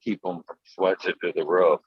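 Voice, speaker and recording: A man's voice: low-pitched, level tone, normal speed, husky, no room sound. A man hosting a casual chat, rambling and swearing with lots of fillers while he shows his grow room. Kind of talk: casual chat on a video call. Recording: dull lo-fi call audio.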